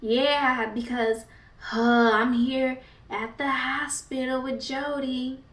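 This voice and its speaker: Offhand gossipy mom on the phone, as her daughter mimics her, higher and a bit roomy. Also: flat delivery, takes it slowly, fairly bright tone, far from the mic. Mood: breezy. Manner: breezy, self-absorbed. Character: offhand middle-aged mother gossiping.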